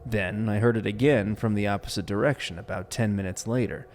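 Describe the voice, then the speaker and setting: Low-voiced man with deadpan jokes. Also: fairly quick, slight background noise. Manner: joking, deadpan asides. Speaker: podcast co-host. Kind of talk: reading stories aloud with banter.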